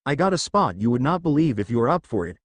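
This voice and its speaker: A man's voice: mid-range voice, fast talker, no echo. Man doing a teasing laid-back uncle. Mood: easygoing. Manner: teasing, relaxed. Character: laid-back joking male uncle, adult.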